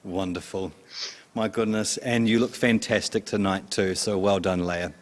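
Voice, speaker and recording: A man's voice: lowish voice, steady tone, normal speed, slight background noise. Upbeat male awards host, reverberant. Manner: upbeat, playful announcer. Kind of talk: hosting an awards ceremony.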